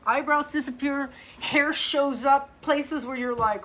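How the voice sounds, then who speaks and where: A middle-aged woman who coaches fitness talks casually on a live stream, animated, blunt and foul-mouthed, frequently restarting. She speaks slowly in a high-pitched voice with hardly any pauses.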